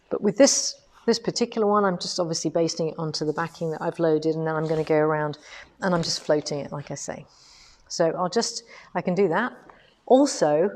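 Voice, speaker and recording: A woman running a live quilting demonstration from an indoor studio, explaining each step in a chatty, practical way. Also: lowish voice. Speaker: quilting instructor.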